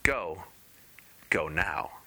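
A man's voice: deep voice, animated, extremely slow, bright, forceful tone, heavily acted. A man voicing a greedy, demanding fisherman's wife in a raised, imperious voice while reading a fairy tale aloud.

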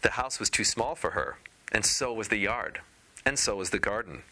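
A man narrating a fairy tale in a relaxed read-aloud, tossing in casual asides as he skips ahead. His voice sits low, yet the tone is strikingly bright and sharp. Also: normal speed. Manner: informal asides and skipping parts. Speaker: storyteller.

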